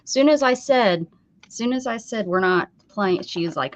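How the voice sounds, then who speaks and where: Hosting a craft livestream, this woman chats with viewers as she works, laughing frequently and saying hello to them by name. Her medium-pitched voice is expressive and moderately paced, and the stream sound is dull and lo-fi.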